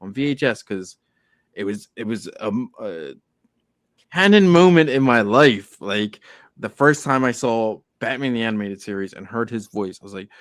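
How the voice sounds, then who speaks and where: A man's voice: medium pitch, lively intonation, moderate pace, no room sound, studio quality. Earnest man telling stories on a podcast. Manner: earnest storytelling, acts out quotes. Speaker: podcast co-host. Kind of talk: casual podcast chat.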